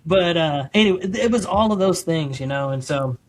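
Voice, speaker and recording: This podcast guest, a middle-aged man with a fairly high-pitched voice, talks at a normal pace. His testimony comes out rambling and casual, full of restarts, and he lively dramatizes his own quoted words.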